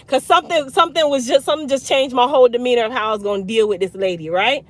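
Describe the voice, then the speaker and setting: A woman with a Jamaican accent, a hair care business owner telling a storytime, blunt and animated, slipping into patois. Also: fairly high pitch, very fast, few pauses. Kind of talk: storytime vlog.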